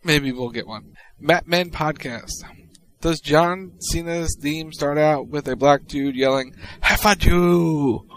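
A man co-hosting a podcast, reading out tweets in casual chat with a wry, deadpan delivery. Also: on the high side, slow, rough recording. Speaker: podcast co-host.

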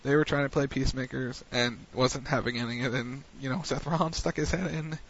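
A man's voice: mid-range voice, fairly even intonation, a little fast, a bit bright, husky. A man hosting a wrestling recap show on internet radio, chatting casually and rambling with lots of fillers. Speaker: wrestling podcast host. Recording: muffled lo-fi radio stream.

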